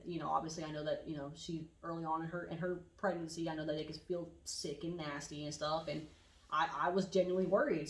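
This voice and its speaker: A woman co-hosting a casual podcast chat, telling animated stories and acting out what people said. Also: low-pitched, reverberant, rough recording. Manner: animated storytelling, acts out quotes. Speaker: podcast co-host.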